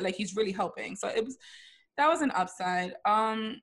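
A young adult woman talks on her podcast in a frank, emphatic way, swearing without a second thought. Her voice sits at a middling pitch, and the delivery stays loose and conversational. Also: a little fast, fairly bright tone. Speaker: podcast co-host. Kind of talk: casual podcast chat.

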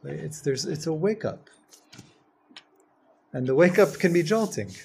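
A man leads a Torah class, reading Hebrew text and unpacking it for his students. His voice sits a little high for a man and has a gravelly rasp. He often builds to emphatic, stressed phrases, over a faint hiss of background noise. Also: expressive, darkish tone. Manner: reads Hebrew text fast then explains, rising to emphatic. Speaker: Torah teacher.

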